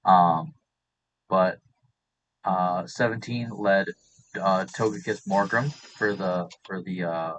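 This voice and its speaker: Deep-voiced man recapping a match. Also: slight background noise, poor audio. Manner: methodical, many filler pauses. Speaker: draft league recap co-host. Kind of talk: casual play-by-play recap.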